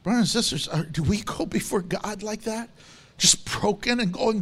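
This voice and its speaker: A man preaching a sermon with animated storytelling, acting out the quotes he tells. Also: very high-pitched, moderate pace.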